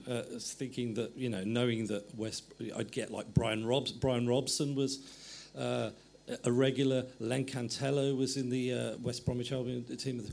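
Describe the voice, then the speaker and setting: A man's voice: mid-range voice, level tone, moderate pace, vocal fry, hardly any pauses, darkish tone. A middle-aged man with a mid-range voice, talking as an author guest in an interview. He winds through his anecdotes and keeps circling back to correct himself. A faint hiss sits under his voice. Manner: meandering, self-correcting storytelling. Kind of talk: anecdotal conversation.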